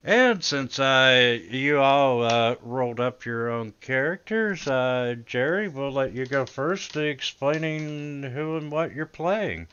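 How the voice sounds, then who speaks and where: Slow-talking male game master with a smooth voice, muffled voice-chat sound, relaxed and halting. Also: medium pitch. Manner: relaxed and hesitant, many filler pauses. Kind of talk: casual game session intro.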